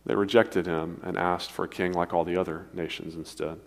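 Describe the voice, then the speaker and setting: A man preaching a sermon with a dynamic delivery, swinging between emphatic, raised passages and hushed, quiet ones. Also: deep voice, steady tone, fairly quick, creaky. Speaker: pastor. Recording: long reverb of a large hall.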